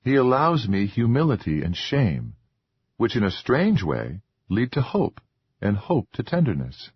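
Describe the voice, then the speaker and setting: A man voicing a meek, earnest young wife with a soft, pleading, formal way of speaking. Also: lowish voice, wildly swooping pitch, unhurried, slightly rough, no echo, dull audio, pitched above the performer's own voice, heavily acted.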